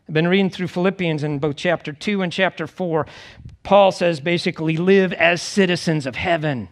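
A man preaching a conversational sermon to a congregation, acting out quoted voices with lively expression. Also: high-pitched, moderate pace. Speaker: pastor.

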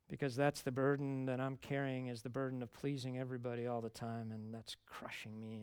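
A man's voice: mid-range voice, flat delivery, brisk, clear, resonant tone, dry recording. Earnest conversational male pastor, dry sound. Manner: conversational, earnest, rising to emphatic stresses. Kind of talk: sermon.

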